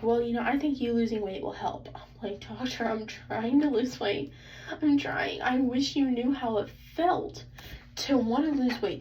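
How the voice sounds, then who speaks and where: A young woman rants in a casual storytime, exasperated and animated. Her voice sits somewhat high. The recording is a bit distant and muffled, with a faint noise floor. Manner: animated, exasperated, heavy use of "like". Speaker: vlogger. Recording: slightly distant, dull, faintly noisy.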